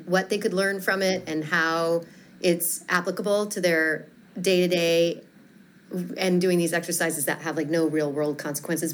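A woman's voice: sits low, slight background noise. A woman who coaches public speaking, talking enthusiastically and chattily in a podcast interview.

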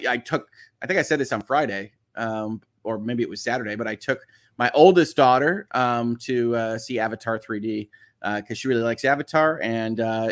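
A man's voice: mid-range voice, fairly bright tone. Chatty man reading viewer comments. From Michigan. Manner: chatty, rambling, many fillers. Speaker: livestream host.

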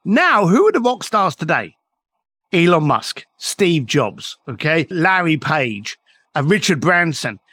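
A man's voice: a little high, sing-song, slow pace, fairly bright tone, no room sound. A middle-aged man, a podcast guest telling motivational stories in an emphatic way and swearing freely. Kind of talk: motivational storytelling.

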